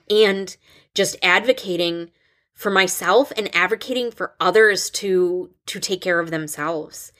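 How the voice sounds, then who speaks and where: Woman in her thirties, slow, unhurried speech, lowish voice, casual podcast talk, halting with restarts. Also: fairly bright tone. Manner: halting, with many restarts and fillers. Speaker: podcast host and school counselor.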